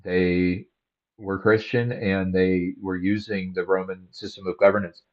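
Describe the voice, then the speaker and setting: Man, podcast host, casual commentary, very slow, halting fillers, low voice. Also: little pitch movement. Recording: dull lo-fi audio.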